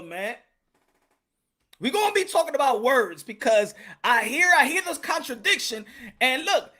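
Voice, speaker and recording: A man running his own boxing commentary channel, with a high, bright and forceful voice. He talks in a loose, slangy, animated way, stacking up repeats and jokes as he rants to his viewers. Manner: animated, slangy, repetitive, joking. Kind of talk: casual commentary vlog.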